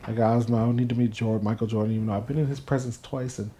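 A young man from New Jersey, a guest in an interview, telling stories casually and acting out the quotes with rising excitement. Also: mid-range voice, rapid-fire, a little hiss or hum. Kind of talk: casual storytelling.

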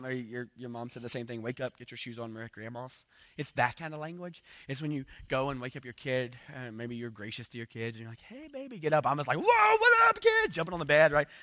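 Fast, bright-voiced pastor preaching. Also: male voice, medium pitch, dry recording. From South Georgia. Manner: animated, playful asides, acts out little voices. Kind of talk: sermon.

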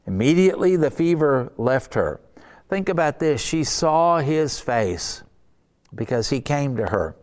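A middle-aged man delivers a sermon in a smooth, resonant voice that sits a little high for a man. He is earnest and emphatic, and his pitch climbs sharply whenever he presses a point home. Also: sing-song, measured pace, darkish tone. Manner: earnest, emphatic, rises in pitch when urging. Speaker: preacher.

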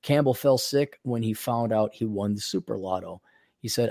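A man's voice: fairly low pitch, moderate pace, vocal fry, mellow, no room sound, studio quality. Blunt, sarcastic man reading the news. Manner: blunt, sarcastic, mocking asides. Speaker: podcast co-host. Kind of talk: casual chat, reading news stories aloud.

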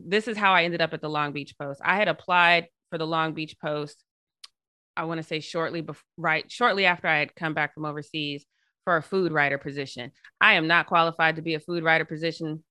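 A woman with a bright, forceful low voice tells her story in a casual interview. She is animated and acts out the people she quotes. The sound is dry and close. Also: smooth, dry recording. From Colorado. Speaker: journalist guest.

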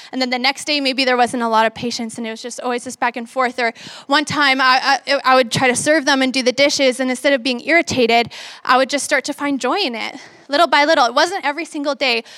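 A woman's voice: sits high, fairly bright tone, no room sound. A woman in her twenties giving a sermon in an upbeat, conversational way, acting out her own thoughts as she tells a story. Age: 20s. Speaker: young preacher.

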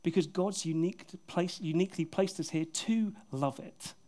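Male pastor, higher-pitched, delivering an earnest sermon with soft, intimate drops and light self-mocking humor. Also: normal speed. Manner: earnest, often dropping to soft, intimate tones; self-deprecating humor with bursts of laughter. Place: church service with a congregation.

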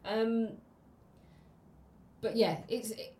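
Woman, podcast co-host, mellow lowish voice, echoey room. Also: fairly even intonation, normal speed. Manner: chatty, many ums and restarts. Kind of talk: casual film chat. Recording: roomy echo.

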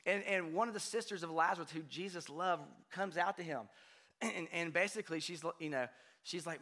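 A man preaching a sermon in a conversational way, often checking in with "right?" and swinging from hushed to loud. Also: on the high side, brisk. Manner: conversational, frequent "right?" asides, animated swings from quiet to loud. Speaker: pastor.

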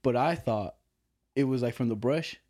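A man's voice: mid-range voice, normal speed, dark tone. A man in his twenties chatting casually from his bedroom at home, telling rambling stories full of profanity and slang. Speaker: podcast co-host. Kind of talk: casual chat.

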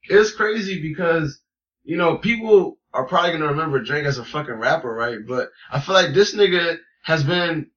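Podcast co-host, male, bright forceful voice, loose and profane, a bit off-mic over faint music. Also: fairly high pitch, normal speed, distant mic, dull audio. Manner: loose, profane, animated storytelling. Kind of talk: casual podcast chat.

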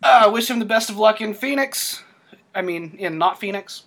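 A man's voice: high-pitched, moderate pace, a bit bright. A man hosting a casual sports podcast, talking through stats and laughing along with his co-hosts. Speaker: podcast host.

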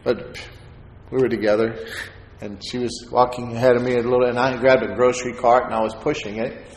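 A man giving a sermon testimony as a preacher, telling his story in an animated way and acting out the voices of the people in it. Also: mid-range voice, a little fast. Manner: animated storyteller, acts out quoted voices with laughter. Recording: echoey hall with faint ambience.

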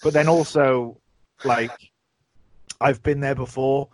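A man's voice: medium pitch, fairly even intonation, takes it slowly, no room sound. A man, chatting casually and telling rambling stories with plenty of swearing. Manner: swears a lot, rambling storyteller. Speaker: podcast host. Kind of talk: casual chat.

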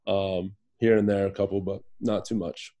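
A professional soccer player from Virginia, USA, guests on a podcast for a casual interview chat. His lowish voice is warm and mellow, and he rambles easily with plenty of ums and uhs, his delivery flat.

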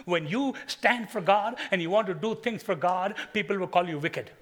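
A male pastor preaching a sermon and telling stories with humor, moving between quiet and loud passages. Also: sits high, moderate pace.

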